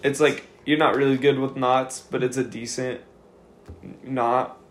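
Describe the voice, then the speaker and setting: A man's voice: mid-range voice, flat delivery, a little slow. A man narrating and ruling as game master in a casual, laughing way.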